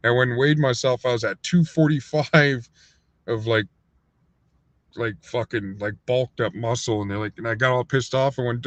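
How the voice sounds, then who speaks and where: A man's voice: moderate pace, a bit bright, no room sound. Profane man telling a rambling story. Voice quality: acts out other people's voices in a higher pitch. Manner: profane, rambling, many fillers. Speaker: livestream host. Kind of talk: casual storytelling. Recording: dull, lo-fi dry sound.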